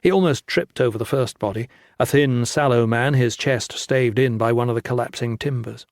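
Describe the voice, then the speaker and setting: A man's voice: mid-range voice, normal speed, dry recording. Man narrating a fantasy audiobook, dry. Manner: steady, dramatic storytelling.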